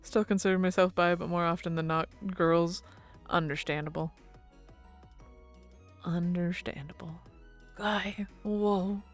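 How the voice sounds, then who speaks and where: Woman streamer yapping away to chat, lowish voice, super clean and dry close mic. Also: steady tone, normal speed, few pauses, faint music behind. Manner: rambling and chatty, laughs often. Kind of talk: casual chat with viewers.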